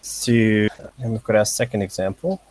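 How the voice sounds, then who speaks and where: A man teaching a casual lesson over a voice call, halting with fillers and short laughs. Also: lowish voice, darkish tone, low-quality recording. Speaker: language teacher.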